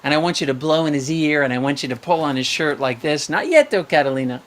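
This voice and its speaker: Guy hosting a live call-in show, kinda high voice, playful and upbeat, keeps asking questions and setting up games. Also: fairly even intonation, quick pace, fairly bright tone. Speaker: show host coaching young callers.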